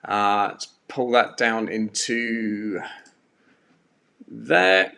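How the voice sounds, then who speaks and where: A man's voice: on the low side, lively intonation, extremely slow, creaky, bright, forceful tone. A man, hosting a live-streamed pub quiz from a bedroom at home in a chatty, rambling way full of fillers. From England. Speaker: quiz host.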